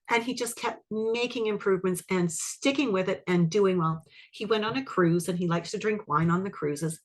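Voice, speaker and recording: Brief: woman educator, lively webinar teaching, frequent audience check-ins. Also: mid-range voice, moderate pace, few pauses. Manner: animated, asks the audience questions. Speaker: iridology educator. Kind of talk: webinar teaching with case story.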